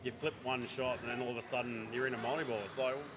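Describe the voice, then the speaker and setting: A man's voice: medium pitch, level tone, very fast. A man commentating a pinball competition in a casual, hesitant way with many ums. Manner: chatty, hesitant with frequent ums. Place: pinball club. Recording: music playing loudly behind.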